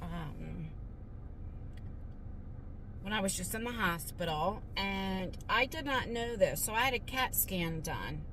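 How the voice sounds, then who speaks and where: A middle-aged woman talking in a casual vlog from her car, worried and halting, stumbling over her words. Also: medium pitch, expressive, fairly bright tone. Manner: worried, halting, with restarts and stutters. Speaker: vlogger. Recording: noisy car interior.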